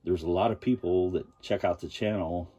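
Man, low voice, husky, dark and mellow tone, relaxed enthusiastic collector chat. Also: normal speed, muffled recording. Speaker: comic collector channel host. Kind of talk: casual show-and-tell vlog.

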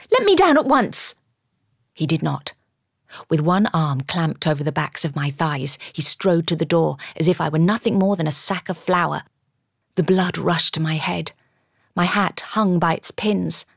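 A woman narrating an audiobook in the first person, measured and storytelling, recorded on a studio microphone. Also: low-pitched, gravelly, no echo. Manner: measured storytelling with lively character dialogue.

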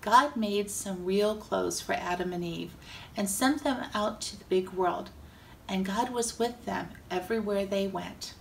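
Gentle woman telling a children's Bible story. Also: medium pitch, measured pace, vocal fry, distant mic, a little hiss or hum, poor audio. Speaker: Sunday school teacher.

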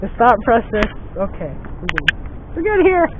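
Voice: medium pitch, sing-song, moderate pace, narrow, tinny audio, background noise. Exasperated young voice on outdoor camera audio. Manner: exasperated, laughing at a friend. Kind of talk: casual outdoor chat. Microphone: action camera.

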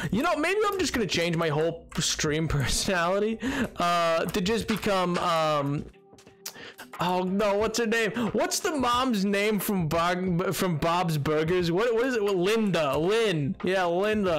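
A man's voice: sits high, a bit bright. A man streaming a game, chatting casually with viewers, joking at his own expense and laughing often.

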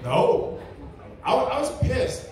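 Male stand-up comic, high voice, crude rambling delivery, very echoey room, distant mic. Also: wildly swooping pitch, slow pace, darkish tone. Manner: crude, rambling, filler-heavy. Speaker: stand-up comedian. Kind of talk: stand-up comedy set. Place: comedy club stage. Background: audience laughter.

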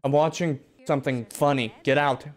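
Brash young guy, casual game commentary, swears a lot, mid-pitched voice. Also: steady tone, moderate pace, faint music behind. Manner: brash, joking, swears often, talks back to the game. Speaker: gaming video host.

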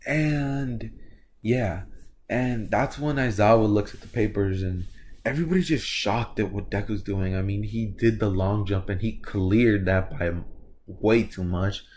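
A man's voice: lowish voice, a little slow, a little mellow, a little hiss or hum. A young man casually retelling a fan story, rambling and often filling with "like" and "you know". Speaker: video creator.

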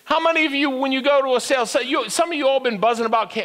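A man's voice: very high voice, racing, hardly any pauses, fairly bright tone, big-room sound. An older man preaching a sermon as pastor, with call-and-response that climbs to emphatic peaks. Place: church sanctuary.

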